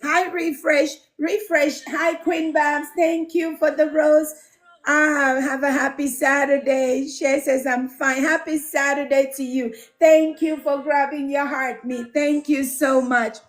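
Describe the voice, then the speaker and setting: A woman's voice: sits high, flat delivery, takes it slowly. A woman hosting a casual livestream, chatting with viewers, reading out their comments and greeting them by name with plenty of laughter. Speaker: livestream host and home care business mentor.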